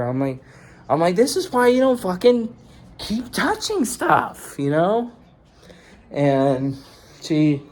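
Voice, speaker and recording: A man's voice: mid-range voice, darkish tone. Rambling, swearing young man vlogging. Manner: rambling, profane, full of "you know" and "dude". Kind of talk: casual vlog storytelling. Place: indoors in a rented room.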